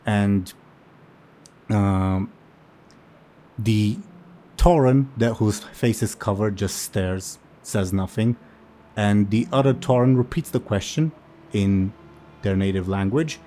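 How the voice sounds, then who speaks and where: A man narrating a tabletop game as game master, unhurried and halting with many fillers. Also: fairly low pitch, mellow.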